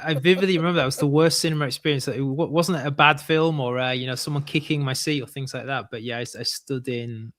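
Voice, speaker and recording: A man's voice: mid-range voice, fairly even intonation, fast talker, few pauses, a bit bright, dry recording. Chatty man telling anecdotes, dry sound. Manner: chatty anecdotal storyteller, many restarts. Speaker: podcast co-host. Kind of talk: casual literary discussion.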